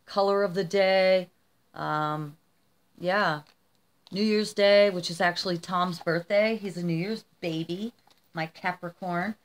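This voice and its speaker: A woman vlogging casually to camera at home, effusive and rambling, with tearful warmth and frequent restarts. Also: mid-range voice, a little slow, a little hiss or hum.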